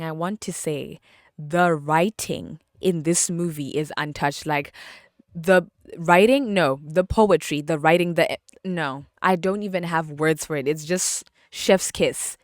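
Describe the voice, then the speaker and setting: A woman's voice: fairly low pitch, dry recording, clean studio sound. A young woman hosting a casual solo podcast, bubbly and chatty, laughing often and repeating words for emphasis. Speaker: podcast host.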